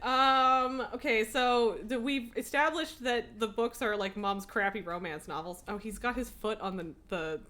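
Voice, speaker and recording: A woman's voice: medium pitch, a bit bright. A young woman streaming a game, chatting casually, giggling and swearing freely. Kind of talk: casual live-stream commentary.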